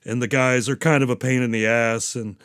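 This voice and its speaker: A man's voice: medium pitch, steady tone, a little fast, fairly bright tone, smooth. A man hosting a podcast, recapping a movie in a rambling, profane, casual way. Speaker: podcast host.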